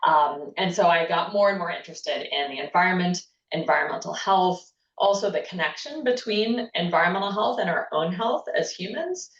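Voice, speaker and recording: A woman's voice: lowish voice, animated, moderate pace, hardly any pauses, a bit bright. Woman speaking from far off in an echoey room. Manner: friendly, reflective, many ums. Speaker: panel guest, sustainability advocate. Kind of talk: panel discussion answer. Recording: dull, echoey sound from far off.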